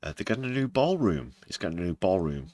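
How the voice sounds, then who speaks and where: Very deep-voiced sarcastic British man. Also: very animated, fast, darkish tone, no room sound. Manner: dry and sarcastic, with mock emotion. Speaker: livestream news host. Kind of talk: casual live news commentary.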